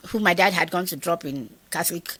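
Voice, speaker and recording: A middle-aged Nigerian woman telling a personal story in an interview, animated and acting out the dialogue of the people in it. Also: on the low side, fairly quick, no echo. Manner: animated, acts out quoted dialogue. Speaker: guest.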